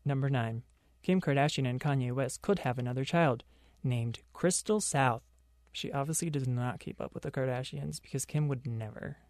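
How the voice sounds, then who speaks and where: A man's voice: mid-range voice, moderate pace, darkish tone, no echo, studio quality. A young man hosting a pop culture podcast on his own, delivering sarcastic commentary full of joking asides. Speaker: podcast host.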